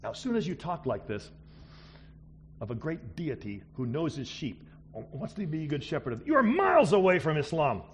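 A middle-aged man preaching a missionary sermon, swinging between loud exclamations and quiet asides. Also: a little high, sing-song, moderate pace, husky.

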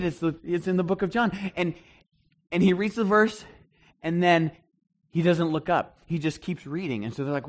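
A man's voice: on the high side, normal speed. A middle-aged man, a pastor, preaching a conversational sermon to a congregation in a church hall. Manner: conversational teaching, animated and emphatic at points.

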